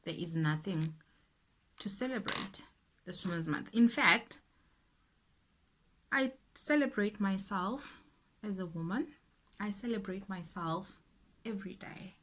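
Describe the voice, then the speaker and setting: Give me a young South African woman with a South African accent, earnest and emphatic, talking at a slow, deliberate pace. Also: medium pitch, a bit bright, slight background noise. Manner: earnest and indignant, speaks in emphatic repetitions. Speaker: YouTuber. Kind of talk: casual get-ready-with-me chat.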